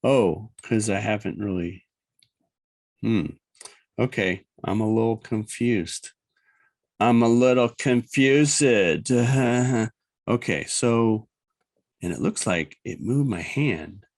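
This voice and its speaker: Casual instructor: a man with a gravelly, husky voice, chatty and rambling, teaching a software demo. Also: lowish voice, slow pace, no room sound, low-quality recording. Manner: rambling, chatty, thinks aloud with laughs and sound effects. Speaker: animation instructor. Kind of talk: casual screen-recorded class demo.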